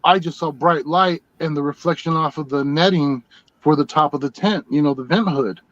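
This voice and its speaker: A middle-aged man with a slightly high voice tells a long story in a loose, rambling way. The sound is dry and a bit dull and lo-fi. He speaks as a guest on a podcast. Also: normal speed, dry recording. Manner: rambling, laid-back storyteller. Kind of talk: casual storytelling.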